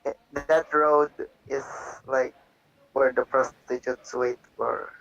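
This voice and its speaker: A woman chatting casually with friends, slowly explaining with fillers. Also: a bass voice, flat delivery, a bit bright, highs cut off, a little hiss or hum. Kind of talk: casual chat among friends.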